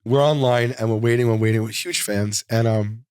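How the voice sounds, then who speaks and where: A man in his forties, a comedian guest in an interview, telling stories in an animated, rambling way full of fillers and restarts. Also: fairly low pitch, moderate pace, clear, resonant tone, dry recording, studio quality. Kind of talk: casual interview storytelling. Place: studio.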